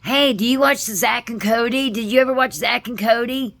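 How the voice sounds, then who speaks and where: A wired, upbeat male coworker, as a woman mimics him in a raised voice. He pries with a bouncy, chirpy lilt. The imitation sits well above the storyteller's own low tone. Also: a little fast, fairly bright tone. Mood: chirpy, prying. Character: upbeat, overexcited man, a coworker.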